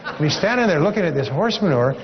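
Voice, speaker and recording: A man's voice: fairly high pitch, big pitch swings, fast, a crowd in the background. Emphatic man speaking in a reverberant hall. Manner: emphatic, repetitive, encouraging. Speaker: seminar speaker. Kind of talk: motivational seminar speech with storytelling. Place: large seminar hall. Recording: dull lo-fi recording with long hall reverb.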